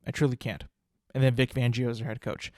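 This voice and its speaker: Guy rambling on his podcast about football, mid-pitched voice, dry close mic, lots of ums and repeats. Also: flat delivery, quick pace, darkish tone, dry recording. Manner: rambling, opinionated, with frequent fillers and repeats. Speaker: podcast host. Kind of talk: casual sports chat.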